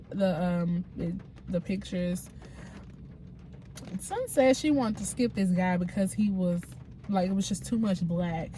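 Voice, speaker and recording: A woman's voice: fairly low pitch, a little mellow. A woman with a cold and a congested voice talks her viewers through a reality show recap. She is chatty and frank, and she takes her time. There is a light hiss in the background. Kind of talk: casual recap commentary.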